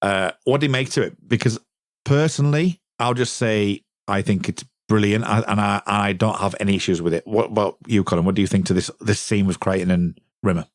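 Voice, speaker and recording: Low-voiced podcast host man. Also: steady tone, a little fast, dry recording, clean studio sound. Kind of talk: casual podcast chat.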